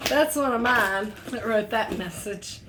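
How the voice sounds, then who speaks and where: Young woman, home vlogger, gushing and excitable, swears freely, high voice, faint room hiss. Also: measured pace. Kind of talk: casual unboxing vlog.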